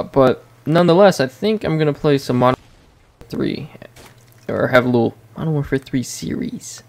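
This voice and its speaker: Male gaming host, mid-pitched, gravelly edge, loose chatty play-by-play commentary. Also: darkish tone. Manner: chatty, rambling, reacts to the match while talking. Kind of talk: casual gameplay commentary. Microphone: desk microphone.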